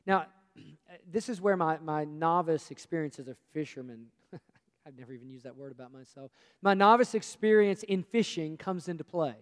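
A man preaching a sermon, telling a story with animated acted-out dialogue and self-deprecating humor. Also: fairly high pitch, moderate pace. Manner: animated storytelling, acts out the disciples' lines. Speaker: pastor. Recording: long hall reverb.

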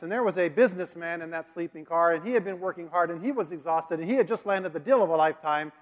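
A man's voice: on the high side, a little fast. Folksy man preaching in a reverberant hall. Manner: folksy storytelling, drawling fillers. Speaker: guest speaker, missionary. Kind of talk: sermon with a joke and slides.

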